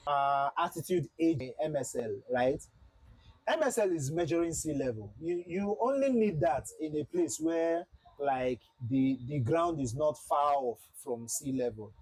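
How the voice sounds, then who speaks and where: A man's voice: on the high side, expressive, a little slow, darkish tone, breathy edge, no room sound, low-quality recording. A man livestreaming a flight simulator, chatting casually with viewers and repeating himself as he flies.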